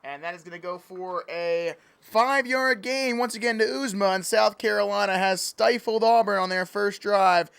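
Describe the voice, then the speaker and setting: A man's voice: sits high, normal speed, gravelly, a bit bright, clean tone, no echo. A man calling play-by-play in a joking mock sports broadcast, playful and easily sidetracked. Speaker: play-by-play commentator.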